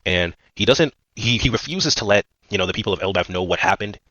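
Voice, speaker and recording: A man's voice: on the low side, lively intonation, fast talker, sharp tone, dry recording, highs cut off. A man giving a casual, rambling recap of a manga chapter, full of fillers and slang. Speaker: manga commentator.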